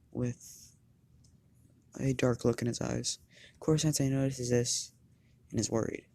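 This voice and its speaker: A fan storyteller improvising a story narration, halting and often repeating words. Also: medium pitch, a little mellow.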